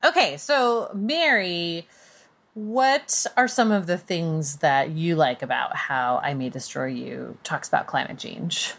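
A woman co-hosting a podcast in casual chat, reacting quickly and steering the talk to the next topic. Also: sits low, gravelly, a bit bright. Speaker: podcast co-host.

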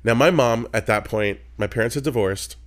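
A middle-aged man hosting a podcast, telling a personal story in casual chat and acting out the people in it with lively jumps in his voice. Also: normal speed. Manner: animated, acts out quoted voices with big pitch jumps. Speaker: podcast host.

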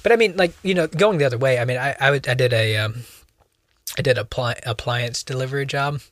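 A man's voice: mid-range voice, a little fast, a bit bright, no room sound, clean studio sound. A young man co-hosting a podcast, talking casually in a rambling way with many fillers and restarts. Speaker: podcast co-host.

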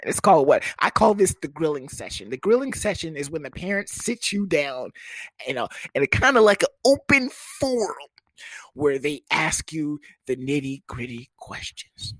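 A man in his twenties telling a comedic story casually, animated and profane with lots of fillers. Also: fairly high pitch, no room sound.

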